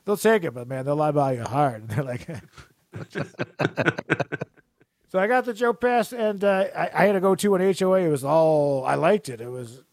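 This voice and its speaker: Man, fairly high voice, joking co-host who rambles, laughs a lot, dry close sound. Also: normal speed, long pauses, a little mellow, dry recording. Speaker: podcast co-host. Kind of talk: casual chat.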